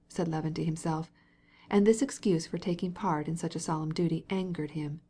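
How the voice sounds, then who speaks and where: A woman narrates a classic novel in a measured, even storytelling voice. Her tone is somewhat low-pitched and steady, suited to a long audiobook reading. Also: slightly rough. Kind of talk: scripted narration.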